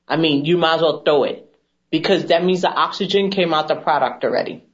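A woman esthetician talking in an animated, emphatic, chatty way as a guest on a TV segment, on a dull lo-fi recording. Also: sits low, brisk. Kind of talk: casual TV chat.

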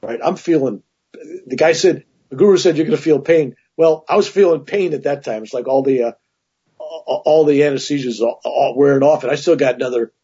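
A man tells a long personal story in a very husky, breathy voice, circling back with restarts and asides. His pitch sits in an ordinary middle range. The recording sounds dull and lo-fi. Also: fairly quick, mellow. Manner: rambling, with frequent restarts and asides. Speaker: guest telling a personal story. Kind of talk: casual spoken storytelling.

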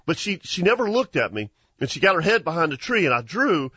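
A husky, slightly high-pitched man spins a lively hunting tale for his show. He laughs often and restarts his sentences. The sound is dry and a bit dull, like a lo-fi studio recording. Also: brisk, no echo. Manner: animated storyteller, laughs often, many restarts. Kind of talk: casual storytelling chat.

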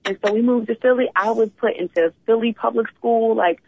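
A woman in her thirties from Philadelphia, telling her life story as a guest in a casual interview, animated, often opening with "you know what". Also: a little high, brisk, heavy background noise. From Philadelphia, USA. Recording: tinny phone line.

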